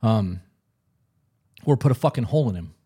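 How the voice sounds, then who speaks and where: A man's voice: fairly low pitch, expressive, normal speed, mellow, husky. A man co-hosting a casual podcast conversation, talking in a blunt, emphatic way with frequent swearing. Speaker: podcast co-host.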